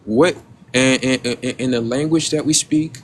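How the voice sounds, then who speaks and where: A man with a mid-range voice hosts a casual livestream, speaking in a steady tone and a little slowly over slight background noise. He poses rhetorical questions, addresses his audience directly, and trips over repeated words while searching for what to say.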